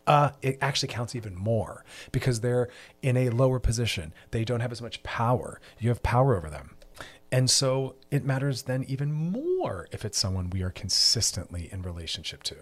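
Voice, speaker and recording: A man's voice: mid-range voice, sing-song, fairly quick. A man hosting a mental health podcast, talking passionately and preachily, with emphatic repetition. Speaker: podcast host.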